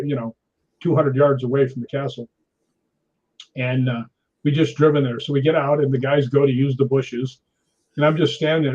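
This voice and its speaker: A man in his sixties, a stunt performer, telling anecdotes in a lively way, laughing often and acting out other people's lines. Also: medium pitch, slightly rough. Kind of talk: anecdotal storytelling. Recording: dull lo-fi recording.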